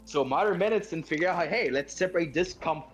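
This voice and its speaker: A man's voice: fairly high pitch, fairly quick, soft background music. A man in casual chat, explaining things and agreeing with friends.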